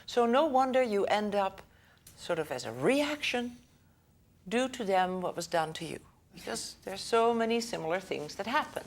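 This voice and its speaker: A woman's voice: mid-range voice, very animated, moderate pace. A woman school director giving a lecture to parents in a conversational way, checking in with the audience, laughing often and acting out the people in her stories.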